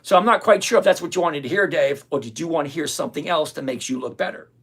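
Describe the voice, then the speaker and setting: Chatting directly to the camera, a retired older host on a live investing stream shoots back at viewer comments bluntly and sarcastically, repeating phrases over and over to drive points home. The voice is gravelly and middle-pitched, fast, with a fairly bright tone.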